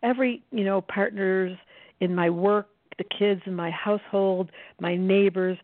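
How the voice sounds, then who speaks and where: A woman's voice: medium pitch, fairly even intonation, measured pace, dry recording. A woman guest, an astrologer and author, explaining things in a confident, teasing way in casual conversation. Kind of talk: casual interview talk. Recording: tinny phone line.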